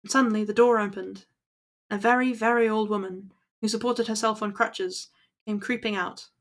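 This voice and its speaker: A woman's voice: mid-range voice, steady tone, moderate pace. A woman reading old fairy tales aloud to her stream at an easy pace, with small slips. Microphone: laptop built-in mic.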